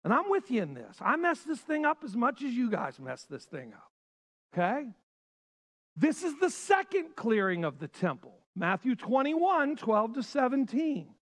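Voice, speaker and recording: A male pastor preaching a sermon with passion, swinging between loud bursts and hushed lines. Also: very high-pitched, big pitch swings, unhurried.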